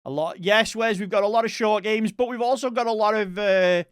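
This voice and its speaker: Chatty East Scottish man, smooth voice. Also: high-pitched, fairly quick, no echo, clean studio sound. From Scotland. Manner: chatty and rambling, talks to chat viewers. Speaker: streamer. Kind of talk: casual live-stream chat.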